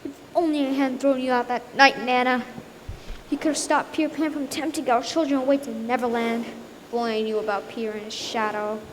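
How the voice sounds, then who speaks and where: A woman's voice: on the high side, fairly even intonation, a little fast, slight background noise, lightly acted, rough recording. A woman on a school stage playing a regretful, earnest father. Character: guilty stubborn father, man.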